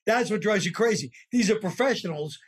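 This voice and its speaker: Wry New man, high voice. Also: animated, a little fast, husky. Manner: wry, rambling, trailing off mid-sentence. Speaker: comedian guest. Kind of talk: casual podcast chat.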